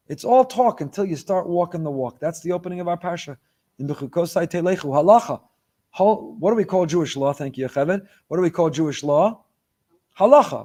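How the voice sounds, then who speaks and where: A man's voice: fairly high pitch, dark tone. A male rabbi delivering a sermon with emphatic repetition of key phrases.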